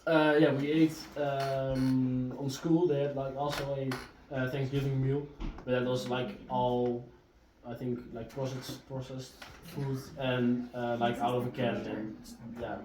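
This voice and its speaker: Slow, hesitant young Dutch-born man. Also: mid-range voice, flat delivery, background noise. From Netherlands. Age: young adult. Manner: hesitant, halting, many fillers and restarts. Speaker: exchange student guest. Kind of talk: casual interview answers. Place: home during a live blog-cast. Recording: roomy sound from a distance.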